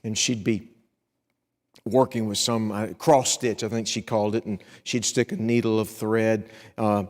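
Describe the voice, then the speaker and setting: A middle-aged man preaching an evening sermon as a visiting evangelist, acting out anxious prayers in a rising pleading voice and dropping to a quiet hush for personal stories. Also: fairly low pitch, level tone, measured pace. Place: church sanctuary. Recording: long hall reverb in a church.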